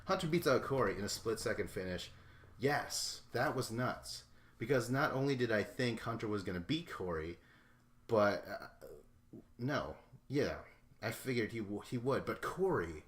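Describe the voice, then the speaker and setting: Man, solo podcast host, rambling, foul-mouthed, laughs a lot, lowish voice. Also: animated, measured pace. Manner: rambling, profane, laughs often, acts out imagined dialogue. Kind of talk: casual solo recap podcast.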